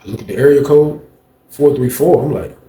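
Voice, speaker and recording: A man's voice: medium pitch, brisk. A man casually telling a story in street slang, acting out the voices and cursing often. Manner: animated, acts out voices, heavy cursing. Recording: echoey room, faint noise.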